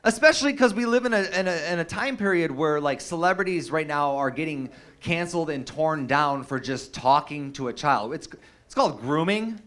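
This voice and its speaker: A man's voice: a little high, expressive, moderate pace, fairly bright tone. A young adult man doing a stand-up comedy set, telling stories in a loose, profane way with lots of fillers and restarts. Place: comedy stage with a live audience.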